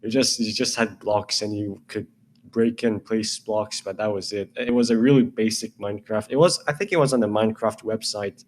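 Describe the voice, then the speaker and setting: A man's voice: lowish voice, moderate pace, a little mellow, a little hiss or hum. A young man co-hosting a casual podcast chat, who talks eagerly, repeats himself and laughs often. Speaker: podcast co-host.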